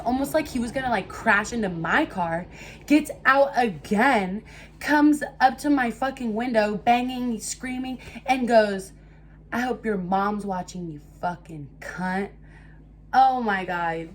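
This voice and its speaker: A young woman telling a casual storytime to her viewers, animated and swearing freely. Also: fairly high pitch, a little hiss or hum. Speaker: storytime vlogger.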